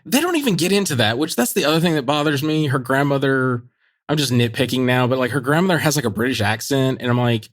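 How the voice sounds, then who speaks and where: A man's voice: mid-range voice, quick pace, no echo, clean studio sound. A man co-hosting a movie podcast, talking casually and animatedly, laughing as he mocks lines from the film. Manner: animated, laughing, mocking quotes. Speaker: podcast co-host. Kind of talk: casual movie review chat.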